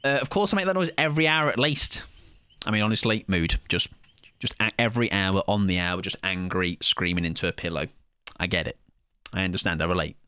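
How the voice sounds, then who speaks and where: A man's voice: low-pitched, a little fast, pushed and bright, clean tone, dry recording, studio quality. A man streaming a game, chatting casually to his viewers, rambling and joking with casual swearing. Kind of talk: casual live-stream chat during gameplay.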